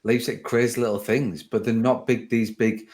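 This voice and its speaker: A man's voice: mid-range voice, flat delivery, normal speed, darkish tone. Rambling conversational podcast host man. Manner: rambling, self-correcting, conversational. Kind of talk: casual podcast chat.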